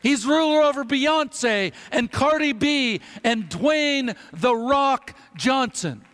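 A man's voice: very high-pitched, expressive, slow pace, fairly bright tone, in a large hall. A man preaching a sermon, emphatic and fond of repeating phrases for effect. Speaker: pastor.

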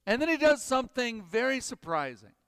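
Male pastor, high clear voice, emphatic preaching that sinks to a hush; church with long reverb. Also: sing-song, brisk, studio quality. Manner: emphatic, dropping to hushed intensity. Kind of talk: sermon.

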